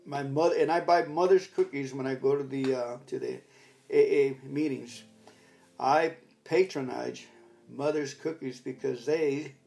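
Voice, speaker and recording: A creaky, mid-range voice belongs to an older man speaking at a recovery talk. He wanders through a personal story in a casual, reflective way, bursting into loud commands during his retellings.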